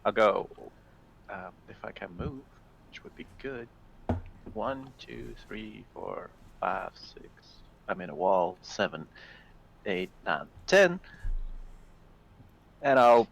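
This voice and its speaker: A man's voice: fairly low pitch, animated, takes it slowly, creaky, long pauses, dull audio, a little hiss or hum. A man playing a tabletop game, playful and jokey as he counts out moves. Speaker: player. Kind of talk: casual tabletop play.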